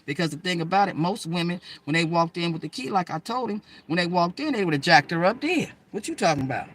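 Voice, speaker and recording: A woman telling personal stories in an animated, emphatic way, with slang, swearing and asides to listeners. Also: lowish voice, fast talker. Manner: animated, emphatic, addresses listeners as girl and y'all; slangy, profane, rambling. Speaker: storyteller. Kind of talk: casual personal storytelling.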